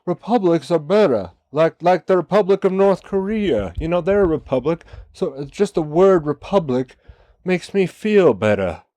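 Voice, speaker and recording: A man voicing a smug, know-it-all male truther in a Southern US accent, his voice pitched well above his own. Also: sing-song, normal speed, dark tone, dry recording. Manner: smug, dismissive, mocking tone.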